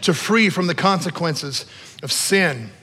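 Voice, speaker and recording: High, bright-voiced preacher in an echoing hall. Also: male voice, lively intonation, measured pace, slightly rough. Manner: builds to loud, high-pitched emphatic preaching; repeats phrases for emphasis, asks the room to respond. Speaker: pastor. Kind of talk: sermon. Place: church hall with long reverb. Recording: echoey church hall.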